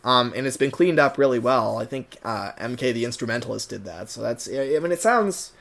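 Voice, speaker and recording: A man talks through his thoughts on a cartoon in a loose, rambling way. He restarts sentences often and drops small nervous laughs, and his voice sits at an average pitch for a man. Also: animated, fairly quick, creaky, fairly bright tone. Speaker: cartoon fan commentator. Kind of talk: casual rambling commentary.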